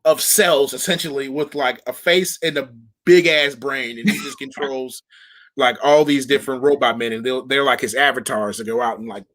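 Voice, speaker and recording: A man co-hosting a casual chat show, retelling episodes with lots of slang and quick quoted asides. His voice sits at an ordinary middle pitch, and he keeps the talk loose and lively. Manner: animated, slangy, laughs often, acts out characters' lines. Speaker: podcast co-host.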